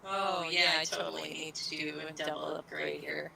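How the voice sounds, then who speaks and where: A woman chatting and teasing during an online game, her voice sitting somewhat low for a woman. A clear crowd murmur runs behind her. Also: steady tone, normal speed. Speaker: game player. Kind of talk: casual chat while playing an online game.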